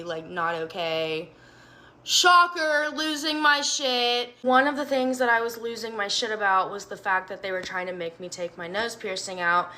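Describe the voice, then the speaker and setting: Young woman, storytime monologue, bright tense voice, swearing, lively, self-mocking. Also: medium pitch. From Alabama. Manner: profane, animated, self-mocking.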